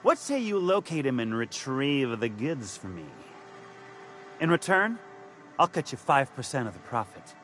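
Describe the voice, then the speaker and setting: A man voicing a fast-talking male con man in a video game, who uses folksy slang and stammers when he is caught out. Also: mid-range voice, sing-song, fairly bright tone. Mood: scheming. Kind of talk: video game character dialogue. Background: faint game music.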